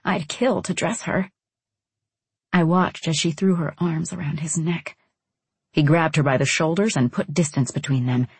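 A woman's voice: lowish voice, a little mellow, slightly rough, no room sound. A woman narrating a first-person novel in a wry, introspective manner. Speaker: audiobook narrator.

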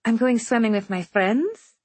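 A woman's voice: fairly high pitch, lively intonation, unhurried, husky, dry recording, pitched above the performer's own voice. A woman voicing a sweet but firm older sister, a young girl speaking matter-of-factly.

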